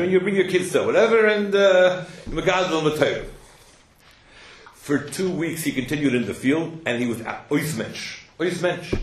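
A man teaching a Torah class, telling stories with plenty of Hebrew and Yiddish terms and often asking "hello?" to prod his listeners. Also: on the high side. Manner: animated storyteller, asks "hello?" to prod listeners. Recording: echoey room with faint noise.

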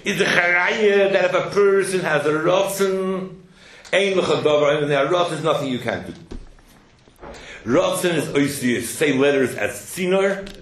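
A man's voice: on the high side, a little slow. A man teaching a Torah class, telling stories with plenty of Hebrew and Yiddish terms and often asking "hello?" to prod his listeners. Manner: animated storyteller, asks "hello?" to prod listeners. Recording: echoey room with faint noise.

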